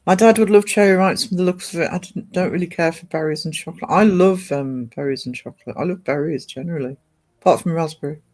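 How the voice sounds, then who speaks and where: Rambling man, slightly high voice. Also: fast, a little mellow. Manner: rambling and chatty, with many ums and restarts. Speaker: live streamer. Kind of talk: casual live stream chat.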